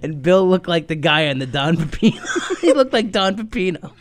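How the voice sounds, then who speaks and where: A young man telling crude workplace stories in casual chat, laughing and acting out gruff quotes. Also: on the high side, lively intonation, a little fast.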